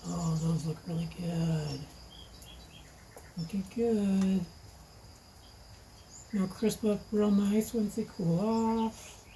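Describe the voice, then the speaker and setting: A woman's voice: mid-range voice, fairly even intonation, extremely slow, long pauses, warm tone, a little hiss or hum, low-quality recording. A retired woman in her sixties chatting casually through a home cooking vlog in her kitchen. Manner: chatty, homey, talks while eating. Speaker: vlogger.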